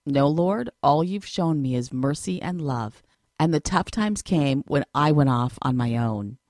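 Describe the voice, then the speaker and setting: Anxious, humble man, read by a woman, low voice, dry sound. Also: animated, unhurried, darkish tone, no room sound. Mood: fearful. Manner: fearful, humble admissions. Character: anxious, distressed man on a retreat.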